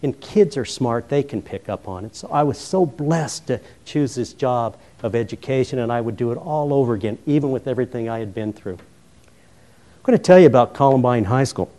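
A middle-aged former high school principal from Colorado delivers a keynote in a conference hall, talking at normal speed into a roving handheld mic with a typical male pitch. He's a humorous, animated storyteller who acts out both sides of each conversation. He grows earnest when recalling his years running a school.

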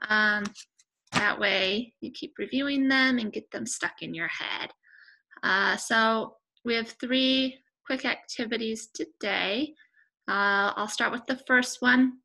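A young woman teaching a remote lesson to young children, speaking patiently and clearly with pauses between words. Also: a little high, bright, forceful tone, low-quality recording.

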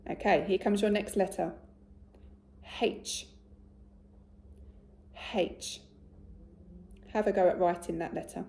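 A woman teacher giving a recorded phonics lesson to young children, speaking slowly and clearly and praising often. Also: mid-range voice, warm tone. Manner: slow, clear and encouraging, with much praise. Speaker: primary school teacher.

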